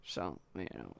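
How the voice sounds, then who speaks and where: A man's voice: low voice, creaky, darkish tone, no echo. A young man from Canada, hosting a podcast in loose, slangy chat, swearing and laughing often. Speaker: podcast host. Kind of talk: casual chat.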